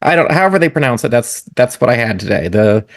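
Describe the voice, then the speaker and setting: A man co-hosting a podcast in casual chat, often stammering and repeating himself. His voice sits at an average pitch. It is recorded dry and close. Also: animated, fast, no echo. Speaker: podcast co-host.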